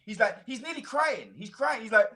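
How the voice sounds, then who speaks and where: A man ranting heatedly on a livestream, talking fast with stumbling restarts and mocking impressions of others. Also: very high-pitched, expressive, bright, forceful tone. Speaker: guest on a livestream.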